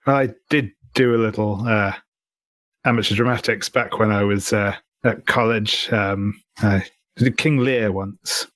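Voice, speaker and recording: A man's voice: on the low side, steady tone, measured pace, fairly bright tone, no room sound. Man playing a stammering, jittery camper guy. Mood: flustered. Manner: nervous, stammering, polite. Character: flustered male camper in scout-style khakis.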